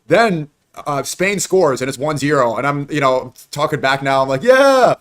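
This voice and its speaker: A man hosting a live stream, telling a story in a quick, animated, conversational way. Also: mid-range voice. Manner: fast, animated anecdote telling. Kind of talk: casual chat.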